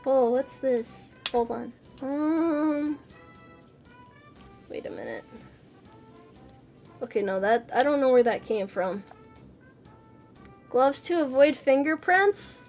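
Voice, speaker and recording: A woman's voice: high voice, sing-song, takes it slowly, long pauses, darkish tone, soft background music. A woman streaming from her home PC, chatting casually with her chat. She swears a lot and mutters to herself as she assembles a model. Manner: swears often, chatty and playful; muttering and exclaiming while building a model. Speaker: VTuber streamer. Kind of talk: casual livestream chat answering chat.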